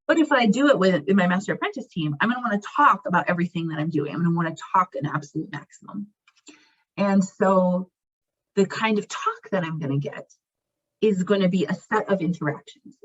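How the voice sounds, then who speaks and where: A woman's voice: lowish voice, breathy edge. A woman giving a recorded presentation on language teaching, talking in a conversational way and acting out short example phrases. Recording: muffled lo-fi recording.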